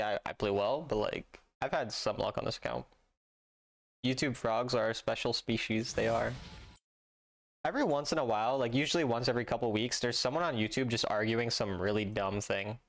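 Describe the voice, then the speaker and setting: A man's voice: medium pitch, normal speed. Laid-back young man streaming games. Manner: laid-back, reads chat aloud, dry joking. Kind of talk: casual gaming stream chat.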